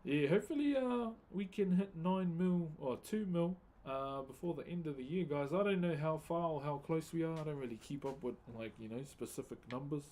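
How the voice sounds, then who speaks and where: A man with a New Zealand accent talks casually on a live stream, greeting viewers by name in easygoing slang. His voice sits a little high and sounds warm and mellow. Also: a little fast, hardly any pauses. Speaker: livestreaming wood carver.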